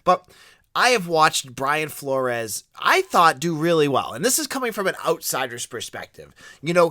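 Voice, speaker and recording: A podcast host with a Boston accent runs through the sports news in a bright, forceful voice that swings widely in pitch. Opinionated and casual, he keeps restarting his sentences, and the recording is close and dry.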